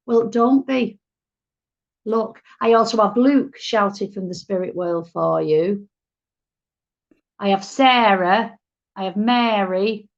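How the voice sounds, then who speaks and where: A woman's voice: medium pitch, slow, gravelly, long pauses, highs cut off. A woman co-hosting a live psychic show, confidently passing on messages she says come from spirits. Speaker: medium and co-host.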